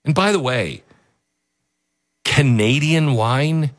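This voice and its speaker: A man hosting an opinionated news commentary, animated and sarcastic, often laughing. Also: mid-range voice, slow pace, no echo, studio quality. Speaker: commentary show host.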